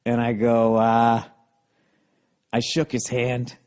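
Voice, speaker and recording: A middle-aged man with a Boston accent hosting a podcast, telling a comic story in a profane, animated way that swings between loud bursts and low mutters. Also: slow pace. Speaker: podcast host.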